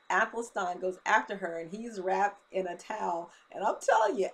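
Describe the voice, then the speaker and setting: A woman recapping a TV episode in a casual, gossipy way, full of "you know" and "okay?" asides. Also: medium pitch.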